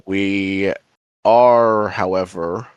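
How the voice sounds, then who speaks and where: A man voicing his calm, diplomatic adventurer character speaking to a spirit. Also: deep voice, extremely slow, clean tone, no room sound, highs cut off. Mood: measured.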